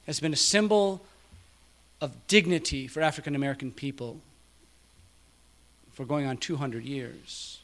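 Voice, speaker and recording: Man preaching a fervent sermon. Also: mid-range voice. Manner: quotes others, then rises to loud emphatic peaks. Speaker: pastor.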